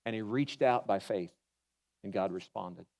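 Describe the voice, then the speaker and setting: Animated, folksy preacher man. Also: lowish voice, measured pace, vocal fry. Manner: animated, folksy storytelling with humor. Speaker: pastor. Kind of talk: sermon. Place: church.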